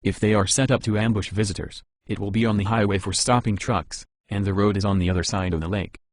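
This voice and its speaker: A man voicing a huge, brash male warrior giant in an audiobook, speaking in a booming, boastful way. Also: fairly even intonation, fast talker, dry recording, close to an everyday voice.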